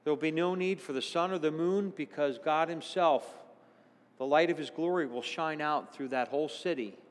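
Male preacher, fairly high voice, earnest sermon delivery, drops soft then lifts to excited calls, long church reverb. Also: normal speed. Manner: earnest, swings between hushed and exclaiming.

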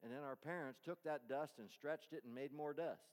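A male pastor preaching a sermon, swinging from loud, emphatic calls down to soft near-whispers. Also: on the high side, normal speed. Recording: long reverb of a large hall.

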